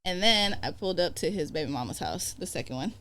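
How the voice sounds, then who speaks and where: A young woman tells a personal story on a podcast in casual, rapid-fire chat. She curses freely and slips into the voices of the people she quotes. Her delivery is animated, and she talks at a brisk pace. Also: lowish voice. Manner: animated, profane, acts out quoted dialogue. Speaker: podcast guest.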